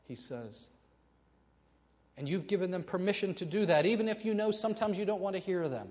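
A man preaching a sermon to his congregation, telling a story with animated delivery and acting out the voices in it. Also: on the high side, normal speed, long pauses. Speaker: pastor. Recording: reverberant hall, dull lo-fi sound.

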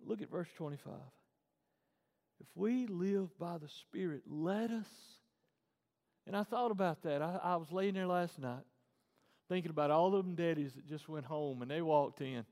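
A man with a high voice preaches to his congregation, sliding between soft, hushed lines and loud, fervent bursts. The sound carries a long church-hall reverb. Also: normal speed. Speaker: pastor. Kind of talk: sermon.

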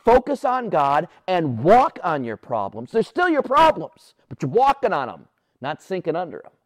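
A male pastor preaching a sermon, animated and playful, sometimes dropping to a soft, low voice on key points. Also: moderate pace, no room sound, clean studio sound.

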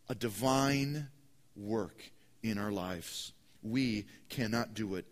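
A man preaching a sermon as pastor, emphatic and repetitive, swinging between loud and hushed delivery. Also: mid-range voice. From United States.

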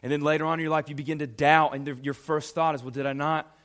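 Animated young-sounding male preacher. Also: fairly high pitch. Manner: animated, emphatic preaching with pauses; addresses a youth audience directly. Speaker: pastor. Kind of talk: sermon.

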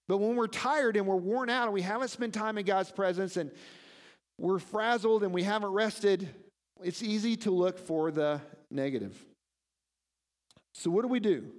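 A man preaching a sermon as pastor, animated and often asking his listeners questions. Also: sits high, long reverb tail. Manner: animated, asks the congregation questions.

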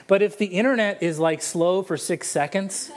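A man's voice: high-pitched, normal speed. A male pastor preaching a sermon in a church, mixing storytelling and humor. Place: church sanctuary.

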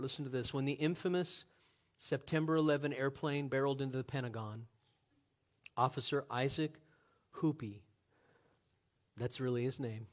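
A man preaching a sermon in an earnest manner, moving from hushed passages to loud, emphatic ones. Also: mid-range voice. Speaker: pastor.

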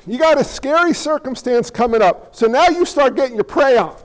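A pastor preaches in a conversational, joking way, tossing questions out to the congregation. His voice sits very high for a man, light and reedy. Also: lively intonation, a little fast, hardly any pauses, rough recording. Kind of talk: sermon.

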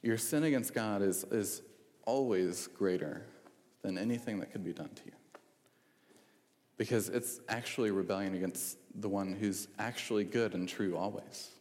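Male preacher, low register, casual sermon delivery, long hall reverb. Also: normal speed, a little mellow. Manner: conversational with frequent fillers and restarts.

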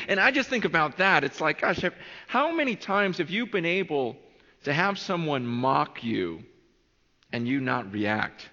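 A male pastor preaching with earnest, animated emphasis, his voice sitting fairly high. The recording sounds dull and muffled, with long echo as if in a large hall. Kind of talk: sermon.

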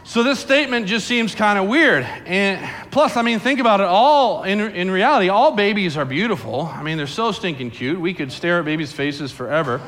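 A middle-aged male pastor delivers a lively sermon, swinging between chatty storytelling and playful acted-out voices. His voice sits a touch higher than most men's. He keeps things humorous and conversational while preaching. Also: moderate pace, hardly any pauses.

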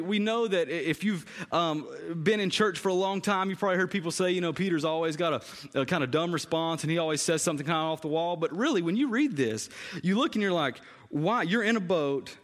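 A man's voice: sits high, fairly quick, fairly bright tone. A man preaching a conversational sermon in a church, often repeating phrases for emphasis. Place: church sanctuary. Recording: long hall reverb.

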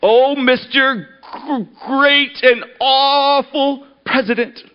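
A cringing, groveling man whining high and pitifully, begging forgiveness, as a preacher puts him on. The sound is dull and lo-fi. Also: fairly even intonation, slow, clean tone. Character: groveling self-abasing man crawling on the floor. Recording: dull lo-fi recording.

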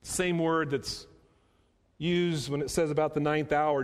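High-voiced preacher in a reverberant hall. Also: male voice, steady tone. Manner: emphatic, repeats phrases, slows to stress words. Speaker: pastor. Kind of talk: sermon.

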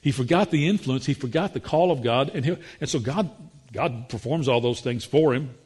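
A man preaching a sermon, acting out voices in the quotes, his pitch rising when he gets excited. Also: moderate pace, breathy edge.

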